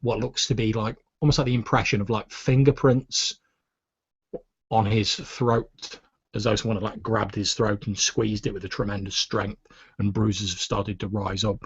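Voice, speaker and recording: Male GM, casual narrator, husky and dry-sounding. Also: lowish voice, little pitch movement, normal speed, dry recording, dull audio. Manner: casual, many "like" fillers. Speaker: game master. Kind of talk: narrating a tabletop game.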